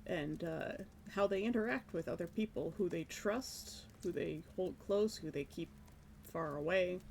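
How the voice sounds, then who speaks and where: A woman's voice: lowish voice, a little slow, darkish tone, a little hiss or hum. A woman streaming live, chatting casually while she draws, musing and self-deprecating about her work. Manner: musing, self-deprecating, breaks into light laughs.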